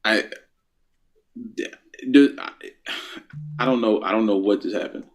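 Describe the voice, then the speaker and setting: A man's voice: fairly low pitch, measured pace, faint music behind. A man co-hosting a wrestling chat, stammering and repeating himself, sounding deflated. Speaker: wrestling podcast co-host. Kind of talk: casual chat.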